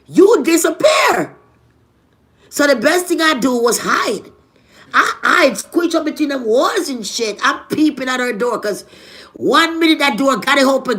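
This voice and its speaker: A woman with a Jamaican accent telling a personal story in casual vlog style, animated and blunt, with plenty of profanity and jumps between loud and soft. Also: high-pitched. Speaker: vlogger.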